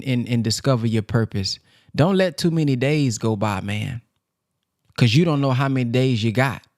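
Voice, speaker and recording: A man speaks straight to his viewers in a loose, rambling, heartfelt way, full of slang and fillers. His voice has a gravelly edge, recorded close and dry with no room sound. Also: mid-range voice, no room sound. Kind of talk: casual personal talk to viewers.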